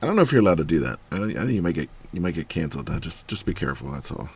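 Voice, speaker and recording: Low-voiced chatty podcast host, man. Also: very animated, racing, creaky, darkish tone, slightly rough. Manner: chatty, many ums, laughs easily. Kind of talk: casual chat.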